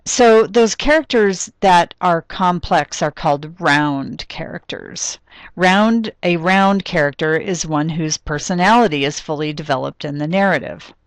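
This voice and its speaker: Woman lecturer, low voice, dry sound, explanatory with ums and restarts. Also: measured pace, clean tone, no echo. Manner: explanatory, thinks aloud with frequent ums and restarts. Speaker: literature lecturer. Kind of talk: recorded classroom lecture.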